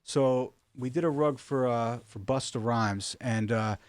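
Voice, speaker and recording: A man telling stories in a casual, animated way, with many fillers and restarts, recorded in a studio. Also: mid-range voice, unhurried. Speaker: rug artist guest. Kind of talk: casual storytelling.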